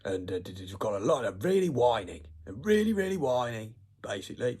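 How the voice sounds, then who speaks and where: A man's voice: mid-range voice, very animated, moderate pace, few pauses, darkish tone, husky. A man giving a rambling, profane monologue. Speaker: vlogger.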